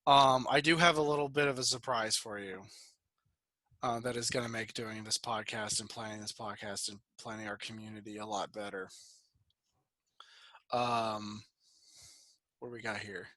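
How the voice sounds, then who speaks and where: This podcast co-host, a man in his twenties on a video call, tells rambling, profane stories in a casual chat. His lowish voice is sharp and steady, at normal speed, and he pauses often. The recording is dry.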